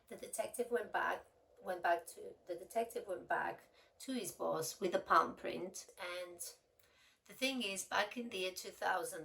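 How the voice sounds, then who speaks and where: A woman's voice: on the low side, gravelly, a bit bright, distant mic, low-quality recording. A woman casually telling a true crime story in a chatty, emotional way, retelling what people said.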